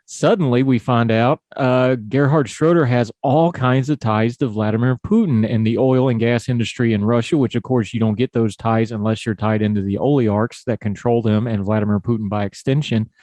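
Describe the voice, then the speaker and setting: A man's voice: mid-range voice, dry recording. Folksy man hosting a policy podcast. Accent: Southern US hillbilly. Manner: folksy, conversational, energetic. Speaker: podcast host. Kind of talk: casual political talk.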